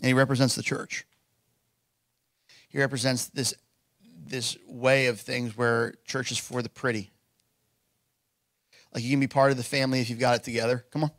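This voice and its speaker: A man's voice: mid-range voice, flat delivery, moderate pace, pauses often, fairly bright tone, dry recording. A man preaching a sermon as pastor, telling stories casually with lots of fillers and building to emphatic declarations. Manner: casual storytelling with many fillers.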